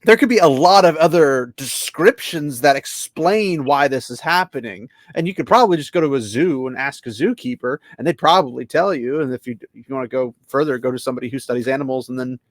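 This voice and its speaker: A man co-hosting a casual trailer reaction, sarcastic and animated, laughing often. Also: mid-range voice, fairly quick, hardly any pauses, no echo.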